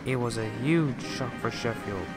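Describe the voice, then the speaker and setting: A man giving scripted storybook narration in a slow, measured way. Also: mid-range voice. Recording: music playing underneath.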